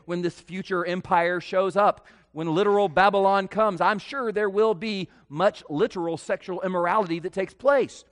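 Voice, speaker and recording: A man preaching a sermon as pastor, slow and emphatic with dramatic pauses. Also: high voice, fairly bright tone.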